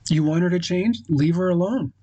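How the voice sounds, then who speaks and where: A man hosting a devotional talk for husbands, speaking earnestly and quoting scripture, with pauses and restarts. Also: high voice, dark tone, no echo, dull audio. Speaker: host giving marriage advice to husbands.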